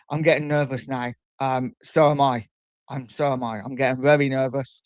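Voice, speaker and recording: A man hosting a casual livestream, chatting and reading out viewer comments in a relaxed, rambling way. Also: mid-range voice, brisk, dry recording. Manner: relaxed and chatty, lots of fillers and repeats. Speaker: livestream host. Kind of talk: casual live-stream chat reading comments.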